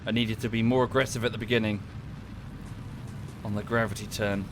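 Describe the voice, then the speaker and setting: A man's voice: lowish voice, flat delivery, a little fast, noisy background. A man giving casual, dry, self-deprecating commentary while livestreaming a game, often muttering to himself. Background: game music.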